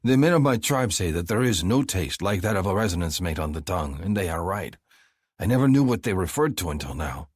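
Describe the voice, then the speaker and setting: A man reading a novel aloud in first person, measured and intense. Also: low voice, expressive, husky, no echo, studio quality. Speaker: audiobook narrator. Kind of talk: scripted first-person narration.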